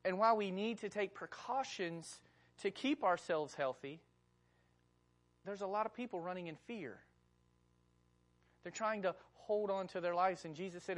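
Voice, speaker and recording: A woman's voice: mid-range voice, normal speed, pauses often. A woman preacher delivering a sermon, emphatic and repeating key phrases with rhetorical questions.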